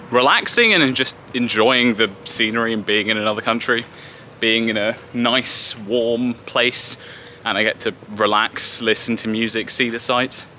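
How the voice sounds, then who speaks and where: With a mid-range voice that sounds pushed and bright, a young British vlogger chats to a camera held at arm's length while walking through a city. His monologue is casual, rambling, and self-deprecating. The audio is poor, with slight background noise.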